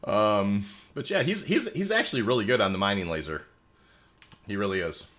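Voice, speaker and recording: A man streams a game and chats loosely with his viewers, his talk full of fillers and asides. His voice is bright and very lively in pitch, climbing high when he gets excited. He reads chat messages aloud and answers them in an easygoing way. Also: normal speed. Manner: rambling, chatty, many fillers. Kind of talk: casual livestream chat.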